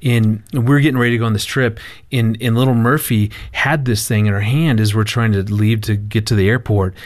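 A man working as a marriage counselor, telling a family story in a casual chat, lively and restarting his words as he goes. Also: lowish voice, a little fast.

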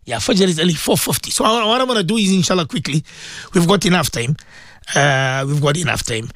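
A man hosting a religious radio show as a cleric, speaking emphatically and repeating phrases, his throat sore and often cleared. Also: a little high, lively intonation, fairly quick, fairly bright tone, no echo, clean studio sound. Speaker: radio host and Muslim cleric. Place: radio studio.

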